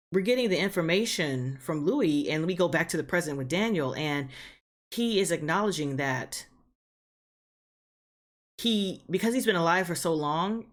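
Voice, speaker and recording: A woman hosting her reaction channel, chatting casually through an episode recap with lots of fillers and repeated phrases. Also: deep voice.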